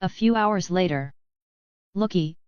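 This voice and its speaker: A woman reading a web novel aloud as an audiobook narrator, in a steady, even voice with little acting between the figures. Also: lowish voice, measured pace, clean tone, no room sound, highs cut off.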